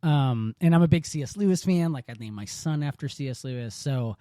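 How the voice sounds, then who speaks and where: A man's voice: fairly high pitch, expressive, brisk, warm tone, no room sound, clean studio sound. A man hosting a podcast interview, enthusiastic and rambling, full of "like" and "um". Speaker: podcast host. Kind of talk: casual interview chat.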